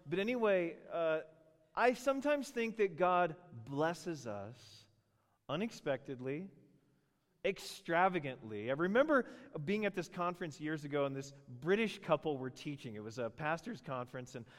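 Middle-aged guy preaching, jokey, does little voices, bit high-pitched, echoey big church hall. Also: normal speed. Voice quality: animated, jokey storytelling with voices for characters. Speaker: pastor. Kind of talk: sermon. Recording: long reverb of a large hall.

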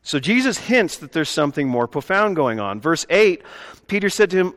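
Pastor, male, slightly high voice, chatty sermon with wry asides, long church reverb. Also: sing-song, normal speed, fairly bright tone. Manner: conversational preaching with joking asides to the congregation. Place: church sanctuary.

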